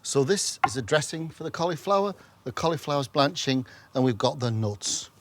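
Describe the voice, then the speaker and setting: A man's voice: fairly high pitch, animated, moderate pace. A man hosting a cooking show, chatting as he explains each step of a recipe. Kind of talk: cooking demonstration. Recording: faint background noise in a studio kitchen.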